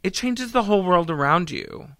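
A comedian hosting a casual chat, rambling and joking with quick tangents. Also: mid-range voice, lively intonation, a bit bright, dry recording, studio quality. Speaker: comedian and host.

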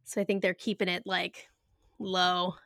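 A woman's voice: lowish voice, little pitch movement, a little slow, creaky, a bit bright, no room sound, clean studio sound. A woman in her thirties chatting casually as a podcast co-host, giggly and full of fillers. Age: 30s. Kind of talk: casual chat.

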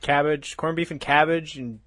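A man's voice: a little high, steady tone, normal speed, sharp tone, dry recording. A young man co-hosting a comedy podcast, teasing his friend in a wry, joking way and laughing often. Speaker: podcast co-host. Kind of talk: casual comedy chat.

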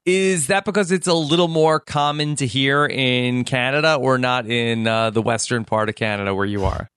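An easygoing man with a mid-range voice co-hosts a casual podcast. He murmurs agreement often and pauses on fillers as he thinks aloud. The sound is dry and close-miked. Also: medium pitch, fairly bright tone, clear, resonant tone, no echo. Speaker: podcast co-host. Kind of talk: casual chat recapping a reality show.

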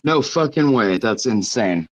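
Excitable American man, crude jokes. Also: medium pitch, measured pace, dry recording, poor audio. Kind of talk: casual chat.

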